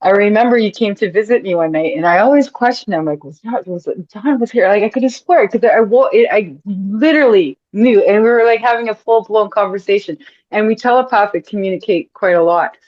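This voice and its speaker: A woman's voice: mid-range voice, brisk, dull audio. A woman hosting a casual chat, friendly and earnest. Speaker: host.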